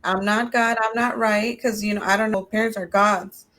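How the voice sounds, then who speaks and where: Woman chatting, soft and thoughtful, mid pitch voice. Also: fairly even intonation, moderate pace. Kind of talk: casual conversation.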